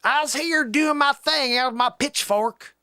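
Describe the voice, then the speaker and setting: A man's voice: very high voice, unhurried, sharp tone, no room sound, clean studio sound, voice pushed up, full character voice. A man putting on a hollering Southern country guy. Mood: rowdy. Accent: Southern US put-on.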